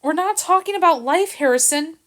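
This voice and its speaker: A woman's voice: extremely high pitch, lively intonation, fairly quick, a bit bright, voice pushed up. Woman voicing a tearful grieving young woman. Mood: upset. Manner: tearful, distressed. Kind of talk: audiobook reading.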